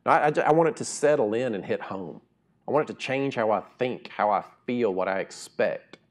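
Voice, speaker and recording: A middle-aged male pastor preaches in an easy, conversational manner. His voice sits at an ordinary middle pitch, dropping low and soft for reflection and then jumping up loud and high for emphasis. He talks to the congregation directly, like he is thinking out loud. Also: a little fast. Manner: animated, emphatic, conversational preaching with sudden loud rises and quiet drops. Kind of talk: sermon.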